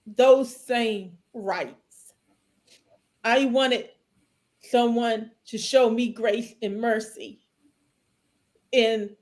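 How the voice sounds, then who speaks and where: A middle-aged woman co-hosting a podcast, sharing a painful personal story in a halting, tearful way and sounding choked up. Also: fairly high pitch. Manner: halting and tearful, speaking slowly with long pauses. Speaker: podcast co-host. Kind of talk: emotional personal testimony.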